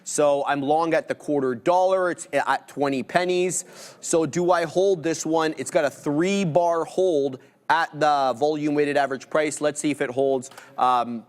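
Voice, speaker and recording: A man co-hosting a live trading stream, calling out prices and orders with joking, relaxed banter. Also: a little high, unhurried. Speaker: trading show co-host.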